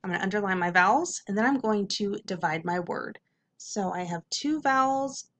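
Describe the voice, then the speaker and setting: A woman teacher leading a phonics lesson for kids, patiently drilling the vowels and slowly sounding out syllables. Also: mid-range voice, animated, fairly bright tone. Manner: patient, repetitive classroom drills.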